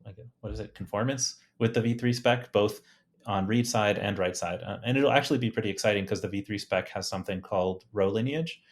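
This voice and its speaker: A man's voice: lowish voice, fairly quick. A man, a guest engineer on a podcast, talking about his work with enthusiasm and frequent restarts. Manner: enthusiastic, fillers and restarts, light laughs. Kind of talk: casual technical chat.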